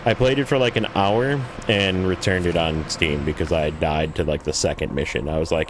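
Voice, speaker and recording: Man, gaming livestream host, lowish voice, casual rambling chat, self-deprecating. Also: normal speed, few pauses, noisy background.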